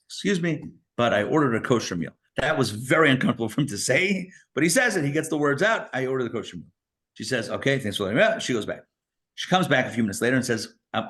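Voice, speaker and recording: A man's voice: mid-range voice, fairly bright tone. A man teaching a live Torah class, telling a story in a loose, conversational way with fillers and restarts.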